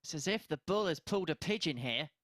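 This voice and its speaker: A man's voice: a little high, lively intonation, fairly quick, fairly bright tone, no echo. A young man co-commentating live darts from the commentary box, giving figures and dry, understated quips. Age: young adult.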